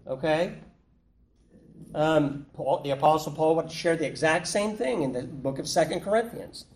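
A man's voice: fairly high pitch, moderate pace, a little mellow. A man leading an interactive Bible study, teaching conversationally and putting questions to the group. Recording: echoey room with faint noise.

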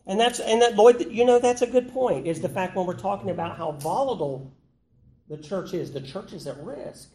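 A man with a somewhat high voice teaches a Bible study group in a casual, conversational way and keeps asking them questions. The room is echoey, with a faint hiss underneath. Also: animated, normal speed, warm tone.

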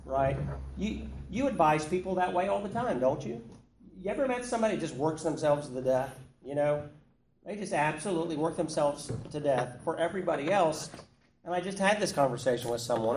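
A man with a somewhat high voice teaches a Bible study group in a casual, conversational way and keeps asking them questions. The room is echoey, with a faint hiss underneath. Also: darkish tone.

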